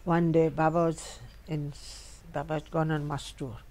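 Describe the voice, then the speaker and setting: A woman's voice: low-pitched, normal speed. An older woman, telling humorous stories from her life and laughing often. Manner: laughs often, lively storytelling. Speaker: storyteller recalling her life. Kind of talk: humorous storytelling. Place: home.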